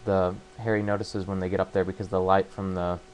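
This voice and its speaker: A man casually retelling a book's plot, halting and full of fillers and restarts. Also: low voice, flat delivery, a little mellow, slight background noise, low-quality recording. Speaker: book summarizer.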